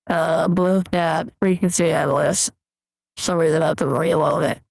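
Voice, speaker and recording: A man's voice: a little high, normal speed, creaky, no echo, rough recording. A man hosting a casual live stream, rambling as he sets up his gear and greets viewers before reviewing their mixes. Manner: relaxed, rambling, talks through tech setup.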